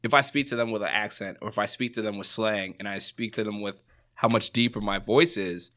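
A young man from Jamaica, a student guest in a casual podcast chat, talking in an animated, slangy way and laughing often. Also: on the low side, a little fast.

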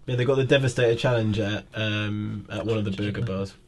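A man's voice: fairly low pitch, steady tone, brisk, a little mellow. A young man, a guest on a podcast, telling stories in casual chat. He rambles and often restarts his sentences.

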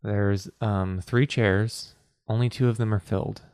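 A man's voice: lowish voice, fairly even intonation, measured pace, darkish tone, dry recording. Rambling, jokey man in a dry recording. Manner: rambling, jokey, trails off mid-sentence. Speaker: tabletop game player. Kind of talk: casual tabletop role-play chat.

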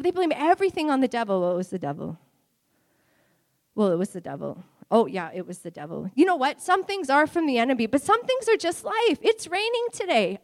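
Woman preacher, high bright voice, lively conversational sermon with light laughs. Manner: animated, conversational, laughs between phrases.

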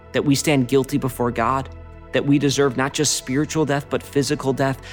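A man preaching as a pastor, telling stories earnestly and reading from scripture. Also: mid-range voice. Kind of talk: sermon.

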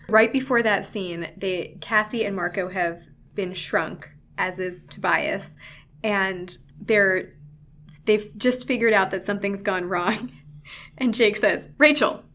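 A woman co-hosting a casual book discussion, relaxed and amused. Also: medium pitch, takes it slowly, slight background noise.

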